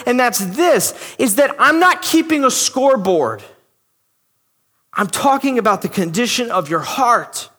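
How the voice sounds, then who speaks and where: A man's voice: very high voice, expressive, normal speed, a bit bright. A man preaching a sermon in a conversational, emphatic way, acting out the voices he quotes. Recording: long hall reverb.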